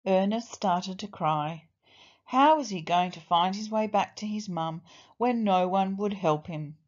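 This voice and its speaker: A woman teacher reading a children's storybook aloud in an expressive, deliberate way. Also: medium pitch, dull audio.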